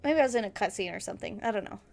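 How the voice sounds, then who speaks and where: A woman's voice: medium pitch, expressive, vocal fry. A young woman giving casual, giggly gaming commentary. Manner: giggly, quick asides. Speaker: streamer.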